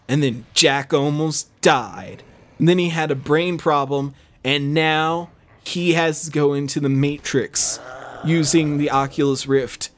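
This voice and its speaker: Let's play host, man, slow drawl, rambly and jokey about himself. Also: medium pitch. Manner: rambling, joking, self-deprecating. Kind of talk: casual gameplay commentary.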